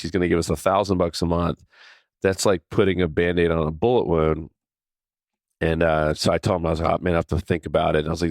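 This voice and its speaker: Man, deep voice, dry close sound, casual storytelling, rambling with restarts. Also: dry recording. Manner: conversational, many fillers and restarts. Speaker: podcast host.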